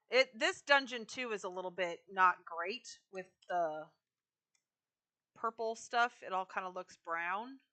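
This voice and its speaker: A woman's voice: a little high, pushed and bright. A woman live streaming a video game, chatting casually with her viewers while she decorates.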